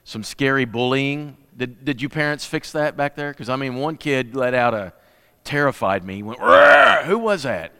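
In a church sanctuary with hall reverb, a man delivers a casual, joking sermon along with announcements. His medium-pitched voice is smooth and fairly bright, moving at a moderate pace, and he fills it with folksy asides and restarts.

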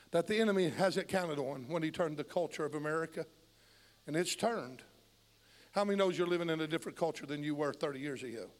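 High-voiced preacher man, booming hall. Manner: impassioned, rhetorical questions to the congregation; swings between low murmurs and shouted climaxes. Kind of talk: fiery sermon. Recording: long hall reverb.

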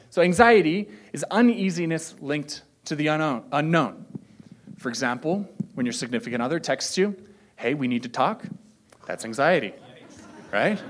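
A man giving a casual sermon, his voice sitting a little high for a man. He talks conversationally, slips in wry jokes and acts out the people he quotes. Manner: joking, self-deprecating asides. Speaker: pastor.

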